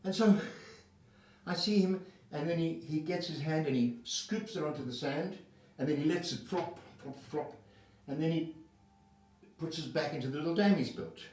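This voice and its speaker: A man's voice: fairly high pitch, moderate pace. An older man from South Africa telling a rambling, profane personal anecdote in a casual way. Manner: rambling, profane, animated storytelling. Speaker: storyteller. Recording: roomy echo, mic at a distance.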